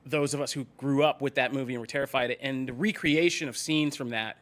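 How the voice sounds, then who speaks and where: A man hosting a casual pop culture podcast, steering the talk from topic to topic, animated and laughing often. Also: mid-range voice, a little fast. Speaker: podcast host. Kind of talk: casual chat.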